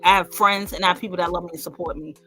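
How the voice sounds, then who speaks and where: A woman hosts a casual gossip stream, cursing freely and acting out what others said. She speaks in a bright, sharp voice. Faint music plays underneath. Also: fairly low pitch, racing. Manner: animated, profane, mimics others' voices. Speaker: host.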